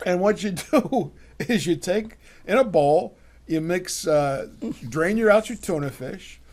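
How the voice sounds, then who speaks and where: A man's voice: high voice, lively intonation, measured pace, a little mellow. An older American man co-hosting a cooking show, chatting casually with lots of fillers and restarts. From United States. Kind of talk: casual chat.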